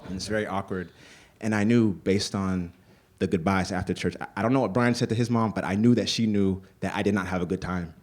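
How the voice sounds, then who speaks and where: Brief: deep male storyteller, stage anecdote, loose and conversational. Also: steady tone, a little fast, few pauses, a little mellow. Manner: conversational, full of "like" fillers. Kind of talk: live comedic storytelling.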